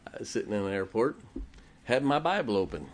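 A man's voice: fairly low pitch, big pitch swings, fairly quick, slight background noise. A man preaching a sermon to a congregation, blunt and emphatic, hammering his points in short lists and often breaking into a chuckle. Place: church before a congregation.

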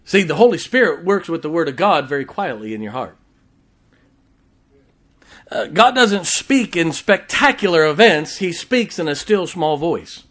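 A man's voice: fairly high pitch, sing-song, a little slow. Emphatic male pastor preaching. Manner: preaching with sudden loud emphasis and quiet asides. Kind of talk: sermon. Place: church sanctuary.

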